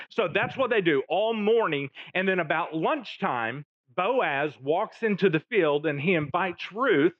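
A man's voice: fairly high pitch, expressive, takes it slowly, no echo. A male pastor, preaching a sermon and retelling a story with jokey asides. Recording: dull, dry, lo-fi.

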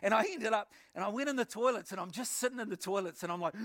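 A middle-aged man with a New Zealand accent, a pastor telling his personal testimony in an animated way, acting out scenes and repeating words. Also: high voice, quick pace, hardly any pauses.

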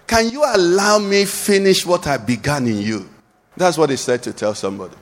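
A man preaching a sermon to a congregation, asking call-and-response questions and building to shouts. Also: on the high side, normal speed. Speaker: pastor. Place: church. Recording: long hall reverb.

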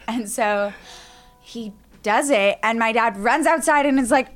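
A woman's voice: high voice, a little slow, a bit bright. A woman chatting casually and telling a family prank story with joking asides. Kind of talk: casual chat.

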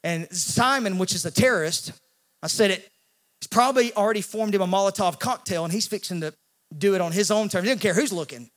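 A male pastor, preaching a sermon in an animated way and acting out the voices in the story. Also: sits high, fairly quick. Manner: animated, acts out quoted voices, repeats words when he restarts.

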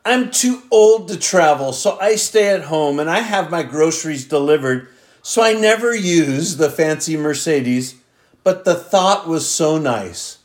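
A man's voice: fairly high pitch, expressive, a little slow. A man voicing a frail elderly mother with a raised, quavering old-lady voice. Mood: plaintive. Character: elderly mother writing thank-you notes, frail and plaintive. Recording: roomy echo.

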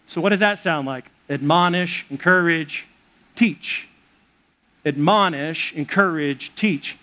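High-voiced pastor preaching, chatty and joking. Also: male voice, slow pace, pushed and bright. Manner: conversational, joking with the congregation. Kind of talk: sermon. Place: church.

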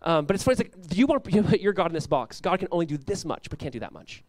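Young male pastor, high voice, dry close sound, loose conversational sermon delivery. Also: quick pace, dry recording. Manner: casual, animated preaching with frequent "like" and laughs.

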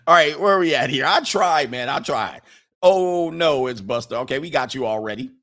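A man's voice: mid-range voice, lively intonation, unhurried, long pauses, a bit bright. Joking, rambling male livestreamer. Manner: rambling, joking, talks back to himself. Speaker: live-stream host reading viewer chats. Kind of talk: casual live-stream commentary.

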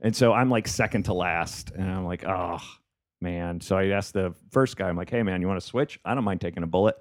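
A man's voice: sits low, fast. A man, a comedian and podcast host, telling a gig story in casual chat, profane and laughing often.

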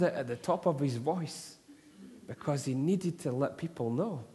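A man's voice: on the high side, normal speed, warm tone. A man preaching a sermon, telling stories and rising to impassioned appeals. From Scotland. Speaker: pastor. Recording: long hall reverb.

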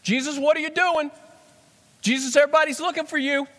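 A man's voice: fairly even intonation, a bit bright. A frantic grown disciple, as a preacher puts him on, his voice jumping far above the speaker's own and pressing out a string of urgent questions. The words ring out into a long hall reverb. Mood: exasperated. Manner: pleading, rapid, high-strung. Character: urgent, exasperated male disciple, grown man.

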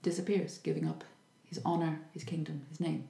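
A woman's voice: deep voice, brisk, creaky. A woman casually retelling a folk tale, acting out the characters' voices. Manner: lively, acts out voices. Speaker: storyteller. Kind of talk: casual storytelling chat. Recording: echoey room.

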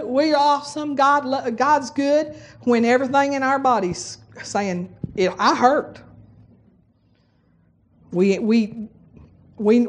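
A middle-aged woman preaching a folksy sermon, exhorting the congregation and breaking into bursts of forced laughter. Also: sits high.

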